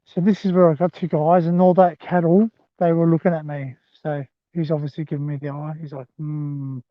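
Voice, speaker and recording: A man on the high side, fairly quick and flat in delivery, vlogs live while walking a rural rail trail, phone in hand. He chats in a loose, rambling way, calling viewers "guys." There's no echo, just a dry, thin phone-like sound.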